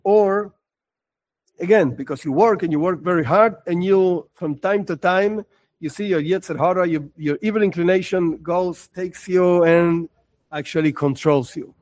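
A man giving a spoken lesson on religious texts, expressive, acting out little scenes and repeating words for emphasis. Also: high-pitched, moderate pace. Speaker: religious teacher.

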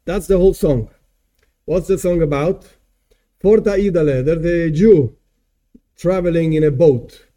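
Male religious teacher, slow and deliberate, deep mellow warmth in the voice, explains line by line. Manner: slow, translates phrase by phrase with small restarts.

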